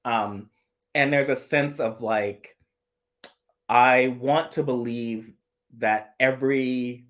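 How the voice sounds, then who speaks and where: A man's voice: medium pitch, fairly even intonation, takes it slowly, fairly bright tone. A man co-hosting a casual live chat, thinking aloud in long analytical asides with frequent restarts. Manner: rambling, analytical, many restarts. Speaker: co-host.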